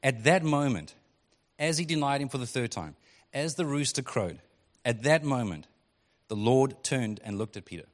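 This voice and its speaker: A male pastor preaching a sermon in a relaxed, conversational way, reading scripture and breaking into quick acted quotes. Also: medium pitch. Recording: long hall reverb.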